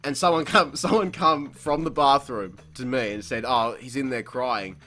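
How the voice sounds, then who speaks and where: A young man, hosting a podcast and telling a story in casual chat. He swears freely, laughs a lot and shouts out the lines he quotes. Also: medium pitch, normal speed, faint music behind. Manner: profane, laughs often, acts out quotes loudly. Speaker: podcast host.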